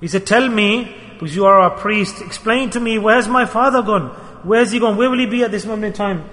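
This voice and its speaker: A man preaching a sermon to a gathering of brothers, telling a story and acting out its quotes in a lively way. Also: sits high, fairly quick. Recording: reverberant hall.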